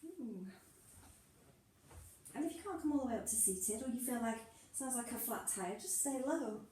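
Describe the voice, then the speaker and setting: A woman's voice: fairly high pitch, animated, moderate pace, warm tone, slight background noise. A woman instructor guiding a movement class, encouraging and playful, often laughing through the moves. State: a little out of breath. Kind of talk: guided exercise class instruction. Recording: echoey room, mic far off.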